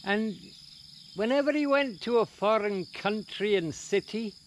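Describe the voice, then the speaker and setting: A man voicing a cheeky male Scottish storyteller, telling a joke outdoors in a lively, comic, raised voice. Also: high voice, unhurried, a little hiss or hum, pitched above the performer's own voice. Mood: storytelling. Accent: put-on Scottish. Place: outdoors at a plantation.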